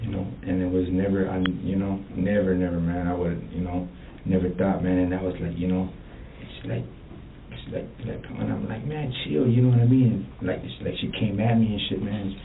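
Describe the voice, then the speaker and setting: A man's voice: deep voice, flat delivery, fairly quick, distant mic, slight background noise. A man in a police interview room, rambling through a confession and stuffing it with filler phrases. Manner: rambling, repeats filler phrases, rises agitated. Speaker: murder suspect in police interview. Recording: lo-fi echoey interview room footage from afar.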